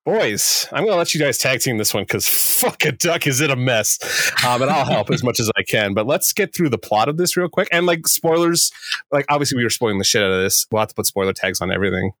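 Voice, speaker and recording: A man hosting a loose movie chat, his voice sitting in a middle register. He talks quickly and excitedly, peppering his talk with profanity. The sound is dry and close, with no room around it. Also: medium pitch, no echo. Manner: profane, excitable, fast-talking. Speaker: podcast host. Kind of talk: casual movie review chat.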